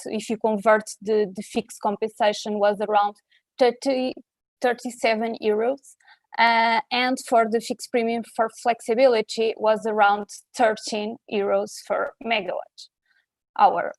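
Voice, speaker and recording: Portuguese woman giving a webinar talk, bit high voice, dry sound, lots of uhs and restarts. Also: no room sound. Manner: hesitant, many fillers and restarts. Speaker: presenter at a webinar. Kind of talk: technical presentation over video call. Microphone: video call.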